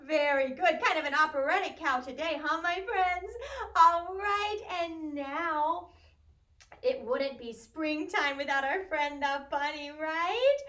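A woman leading a sing-along music class for small children, with an animated, sing-song manner and playful animal sounds. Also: sits high, takes it slowly, roomy sound.

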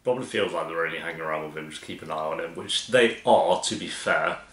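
A man's voice: low-pitched, fairly bright tone, echoey room. A man hosting a TV reaction, chatting casually and mocking what he watches. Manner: sarcastic, chatty, quick to mock. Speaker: TV reaction host.

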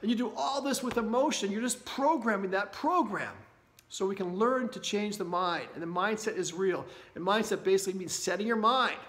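A man from Canada giving an energetic motivational talk to camera about an anxiety workshop, often checking in with his listeners. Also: sits high, moderate pace. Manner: energetic, keeps checking in with "right?" and "okay?".

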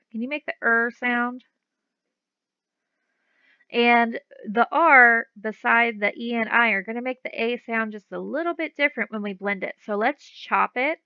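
A woman's voice: fairly high pitch, creaky, smooth, dry recording, dull audio. A woman teaching a phonics lesson to young children, patiently sounding out letters and words and repeating them.

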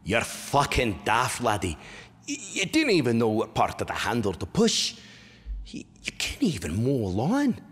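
A comedian voicing his burly, gruff Scottish stepfather, with a put-on Scottish accent and slow threatening delivery. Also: medium pitch, wildly swooping pitch, big-room sound, voice pushed up. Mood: scornful.

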